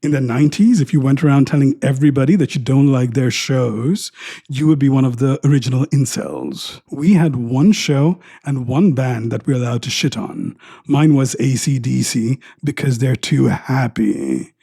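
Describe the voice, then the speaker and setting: A middle-aged podcast host from India talks through his memories in a rambling solo monologue. He cracks wry jokes and wanders off on tangents. His voice is mellow and low in brightness, with a slightly husky grain. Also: moderate pace, no room sound, clean studio sound. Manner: wry, joking and prone to tangents. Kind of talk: reflective personal monologue.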